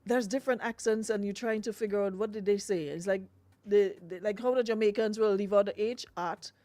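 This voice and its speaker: A woman's voice: mid-range voice, steady tone, brisk, mellow, dry recording. Woman, Grenadian accent, radio host, chatty, filler-heavy, dry close mic. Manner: chatty, laughing, full of fillers. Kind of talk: casual radio chat.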